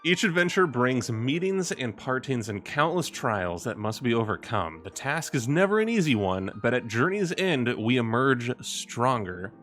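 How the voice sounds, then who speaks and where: Courtly, gentle minstrel read by a man, lively ornate delivery, soft game music underneath. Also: mid-range voice, moderate pace, few pauses. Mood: reflective. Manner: reads ornate in-game dialogue aloud.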